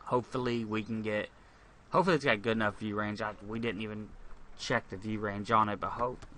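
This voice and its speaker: Bright-voiced man rambling over gameplay. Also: fairly low pitch, steady tone, brisk, slight background noise. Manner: rambling, profane, thinks aloud. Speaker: gaming channel host. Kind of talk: casual gameplay commentary.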